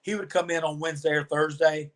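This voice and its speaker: Talking fast in a voice on the high side, this middle-aged man, once a wrestler, tells extended stories during an interview. He livens them up by acting out the dialogue of the people involved.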